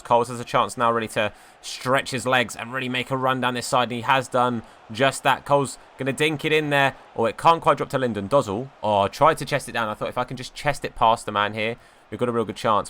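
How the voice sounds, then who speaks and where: A young man gives casual commentary while he plays a football video game. His voice sits at an ordinary pitch but has a bright, forward edge. He chats with his viewers and jokes around with mock outrage. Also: brisk. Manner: chatty, playful, mock-outraged banter. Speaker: gaming YouTuber.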